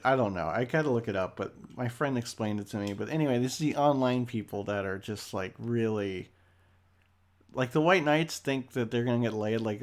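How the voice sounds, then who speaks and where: A man co-hosting a podcast in casual chat, rambling, joking and swearing freely. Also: medium pitch. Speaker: podcast co-host.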